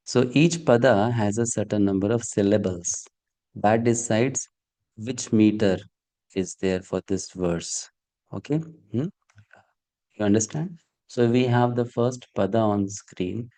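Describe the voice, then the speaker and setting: A man with a low, mellow voice leads an online verse class over a video call. He explains things patiently and keeps asking whether the students understand. His tone stays soft and dark. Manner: patient, checks understanding with frequent "hmm?" and "okay?". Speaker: Sanskrit verse teacher.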